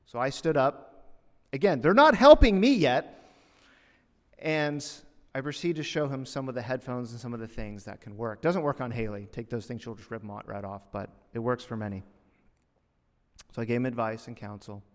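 A man preaching a sermon, telling a story in an animated way and rising loud and high at the punchlines. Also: normal speed. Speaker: pastor. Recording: long reverb of a hall.

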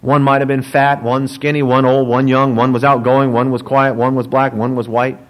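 A man, a pastor, preaching a sermon in an animated, joking storytelling manner. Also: medium pitch, normal speed, low-quality recording.

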